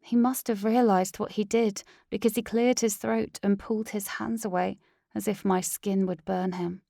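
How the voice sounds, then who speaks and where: A woman's voice: medium pitch, steady tone, moderate pace, vocal fry, mellow, no room sound, studio quality. A woman narrating a first-person audiobook in an earnest, dramatic reading.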